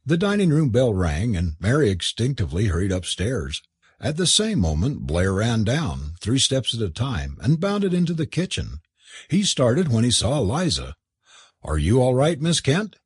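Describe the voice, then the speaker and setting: A man narrating a novel aloud in an expressive, theatrical reading. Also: mid-range voice, normal speed, dry recording, studio quality. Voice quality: husky. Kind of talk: audiobook narration.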